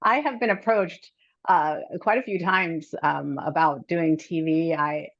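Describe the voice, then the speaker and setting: A woman's voice: low voice, a little slow. A middle-aged woman who is an influencer, speaking candidly as a podcast guest and laughing often. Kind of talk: casual interview chat. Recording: slightly dull lo-fi audio.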